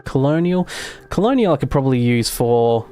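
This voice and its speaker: A man's voice: medium pitch, animated, normal speed, warm tone, soft background music. A man from Australia with a mild Australian accent, chatting casually on a game livestream, rambling, laughing easily and trailing off mid-sentence. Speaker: game streamer. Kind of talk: casual live-stream chat while building in a game.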